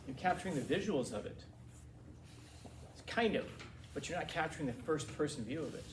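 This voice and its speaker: A man in his forties, a teacher, lecturing a class in a rambling, animated way with many restarts. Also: a little high, fairly quick. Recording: roomy classroom from a distance, faint hiss.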